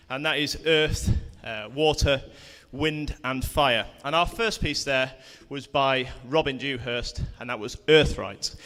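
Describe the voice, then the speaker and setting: A man, out of breath, announcing his band's pieces in an informal, slightly halting way. His voice is bright and forward. It rings with the long reverb of a big hall. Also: medium pitch. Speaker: band compere. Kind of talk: introducing pieces at a brass band contest. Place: concert hall.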